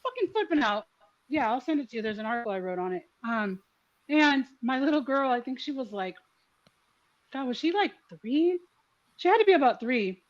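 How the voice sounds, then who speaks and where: A middle-aged woman hosting a podcast who tells stories in a lively way and swears freely. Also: high-pitched, moderate pace, highs cut off. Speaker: podcast host. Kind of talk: casual chat.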